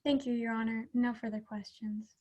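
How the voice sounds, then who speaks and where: A woman acting as prosecuting counsel in a mock trial over a video call, asking brisk, direct questions. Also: fairly high pitch, steady tone, dark tone, lo-fi sound. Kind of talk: courtroom direct examination.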